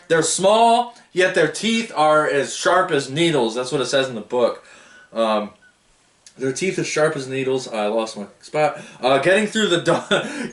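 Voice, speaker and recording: A man's voice: a little high, a bit bright, reverberant. Rambling man reviewing a book. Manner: rambling, stumbles over names and laughs at himself.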